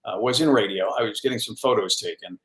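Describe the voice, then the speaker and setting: A man, a radio news anchor, telling stories as a guest in a casual interview, animated and self-deprecating with plenty of restarts. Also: fairly low pitch, quick pace. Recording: roomy echo on the voice.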